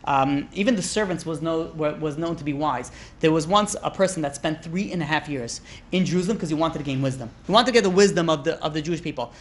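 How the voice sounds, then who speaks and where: Fast-talking rabbi telling stories. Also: male voice, on the high side. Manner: animated, acts out characters' lines with casual fillers. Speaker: rabbi teaching a class. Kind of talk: storytelling lecture.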